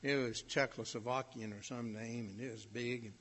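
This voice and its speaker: A male preacher telling a folksy story in his sermon, with animated swells in volume. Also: medium pitch, moderate pace. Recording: long hall reverb.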